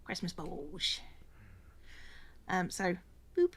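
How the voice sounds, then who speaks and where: A woman's voice: lowish voice, big pitch swings, drawn-out words, breathy edge. A woman co-hosting a craft livestream, chatting while she sews, often repeating words and thanking viewers by name. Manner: reads out viewer names and thanks them. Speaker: streamer co-host. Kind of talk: casual livestream chat.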